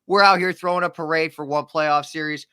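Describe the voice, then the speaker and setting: A man's voice: a little high, fairly even intonation, brisk, pushed and bright, clear, resonant tone, no room sound, clean studio sound. A man appearing as a guest sports content creator on a video call, cocky and brutally frank in casual chat. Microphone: webcam on a video call.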